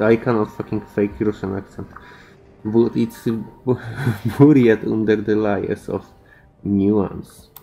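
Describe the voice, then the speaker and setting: Slow, hesitant non-native male reader. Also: on the low side, warm tone, poor audio. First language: not English. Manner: slow, hesitant with fillers and restarts. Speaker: game player reading dialogue. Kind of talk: reading game text aloud.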